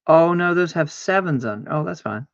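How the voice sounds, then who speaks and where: A man streaming a card game, chatting casually to himself, arguing back and forth aloud with sudden excited exclamations. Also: fairly high pitch, normal speed, creaky, no room sound, lo-fi sound. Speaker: livestreamer playing solitaire. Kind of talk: casual self-talk while gaming.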